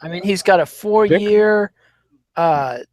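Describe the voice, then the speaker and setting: A man's voice: high voice, takes it slowly. A man hosting a casual podcast, previewing fights with dry, sarcastic wit. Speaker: podcast host. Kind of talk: casual chat, sports preview.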